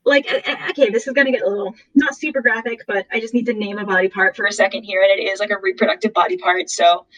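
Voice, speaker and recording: A woman co-hosting a podcast, chatty and quick to agree and laugh. Her voice sits at a middling pitch. The recording is close and dry, with no room sound. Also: fairly even intonation, a bit bright, dry recording, dull audio. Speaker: podcast co-host. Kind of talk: casual podcast chat.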